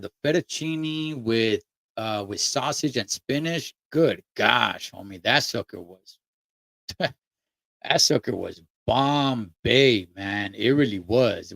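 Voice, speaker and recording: A man's voice: mid-range voice, gravelly, fairly bright tone, dry recording. Laid-back trucker man. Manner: laid-back and slangy, with lots of fillers. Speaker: trucker vlogger. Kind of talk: casual monologue.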